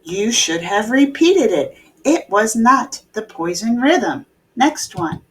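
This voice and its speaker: This female music teacher sounds very animated yet speaks slowly, her voice a little high. In an online lesson she patiently explains note values, sings rhythms, chants syllables for students to echo, and calls out playful games.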